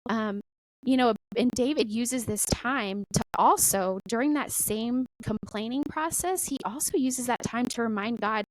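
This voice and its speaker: A middle-aged woman talking casually about faith as a podcast guest, animated and full of "like" and "right?". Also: on the high side, unhurried, rough recording.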